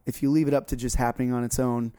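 A man hosting a casual chat, asking questions in a relaxed, laid-back way. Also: mid-range voice, racing, clear, resonant tone. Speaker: podcast host.

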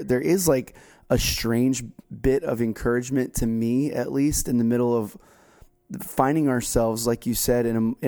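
A man's voice: mid-range voice, warm tone. A man co-hosting a casual chat, rambling and self-deprecating with many restarts. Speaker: co-host.

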